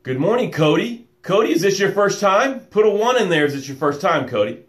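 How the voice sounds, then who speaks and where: A man hosting a live motivational stream, welcoming viewers by name and guiding slow breaths. He calls himself loud and boisterous. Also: high-pitched, lively intonation. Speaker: motivational coach and show host. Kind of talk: live-stream pep talk with guided breathing.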